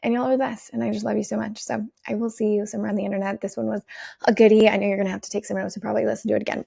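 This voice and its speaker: A woman hosting her own podcast, giving an energetic, swearing pep talk to her listeners. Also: mid-range voice, rapid-fire, creaky, breathy edge, no room sound, clean studio sound. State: out of breath. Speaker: podcast host and business coach. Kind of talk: solo podcast monologue.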